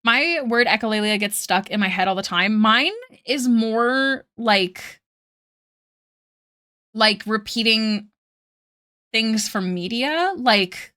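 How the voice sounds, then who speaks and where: Bright-voiced woman streamer chatting while drawing. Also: a little high, slow pace, long pauses, dry recording, clean studio sound. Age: 30s. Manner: rambling, laughs often, quotes memes in put-on voices. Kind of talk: casual livestream chat while drawing.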